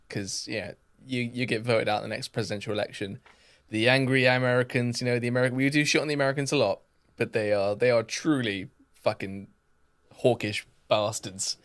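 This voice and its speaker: A man's voice: mid-range voice, a little fast. Male podcast co-host; jokey, blunt, swears freely in casual chat. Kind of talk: casual banter.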